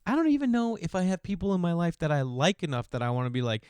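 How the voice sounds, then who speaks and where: A man in his thirties hosting a podcast, rambling through casual opinions with sudden jumps in pitch. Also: fast, a little mellow, clean tone, no echo. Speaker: podcast host. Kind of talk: casual monologue.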